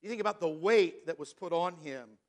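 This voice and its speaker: High-voiced man preaching a sermon. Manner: preaching, reads scripture in King James wording, slows for emphasis. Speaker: pastor.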